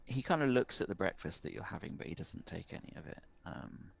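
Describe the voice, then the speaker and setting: A man's voice: low voice, big pitch swings, brisk, vocal fry, no echo. A man narrating a tabletop game as game master, meandering and full of fillers.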